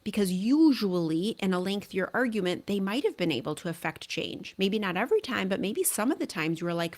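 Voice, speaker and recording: A woman's voice: medium pitch, sing-song, a little fast, few pauses, a little mellow. A middle-aged woman hosting a parenting podcast, giving earnest, conversational advice and often checking in with "right?". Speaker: parenting coach and podcast host. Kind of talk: solo podcast advice talk.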